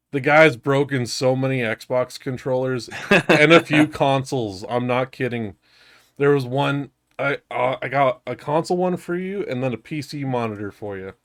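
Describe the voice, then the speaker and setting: A man's voice: medium pitch, a bit bright. A young man co-hosting a podcast, telling stories in casual chat, laughing often and swearing a lot. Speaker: podcast co-host.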